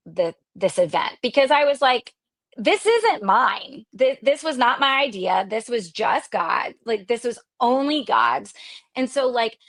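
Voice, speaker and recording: A woman from Texas, a podcast guest, telling a story in casual interview chat, animated and extroverted, acting out the voices of the people she quotes, with lots of fillers. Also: on the high side, no room sound. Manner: animated, lively retelling with quoted dialogue and frequent fillers; extroverted and talkative.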